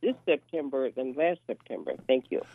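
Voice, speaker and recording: Woman caller, hoarse from a cold, hesitant with ums, tinny phone line, dry sound. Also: a bass voice, big pitch swings, normal speed, no room sound. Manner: hesitant, with many ums, and warm laughs. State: hoarse from a cold, may cough.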